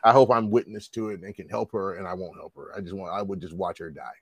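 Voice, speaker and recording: A man's voice: deep voice, fairly even intonation, fast talker, breathy edge, no room sound. A man in casual conversation, ranting bluntly and profanely. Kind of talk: casual chat.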